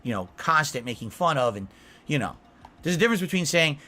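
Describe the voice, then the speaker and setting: A streamer speaks straight to his chat in an earnest, lecturing tone, justifying himself. His voice sits a little high for a man. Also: very animated, fairly quick, bright, forceful tone. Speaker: live streamer. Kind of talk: monologue addressed to chat.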